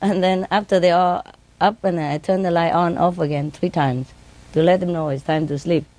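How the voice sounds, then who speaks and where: A woman speaking English with non-native grammar, telling laughing stories about her birds and mimicking them in a high voice. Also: fairly even intonation, normal speed, warm tone. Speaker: bird owner telling stories. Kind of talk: casual storytelling.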